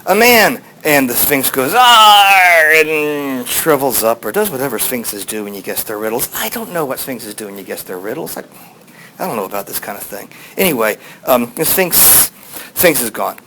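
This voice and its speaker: A man's voice: medium pitch, animated, normal speed, bright, forceful tone, a little hiss or hum, low-quality recording. Casual male teacher telling a story. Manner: rambling, with fillers, playing voices in quotes.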